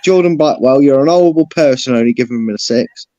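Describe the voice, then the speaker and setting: A man's voice: mid-range voice, fast talker, warm tone, no room sound, highs cut off. A man rating football players on a fan channel, gushing and emotional, stumbling over his words. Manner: gushing, emotional, with frequent restarts. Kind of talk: casual chat.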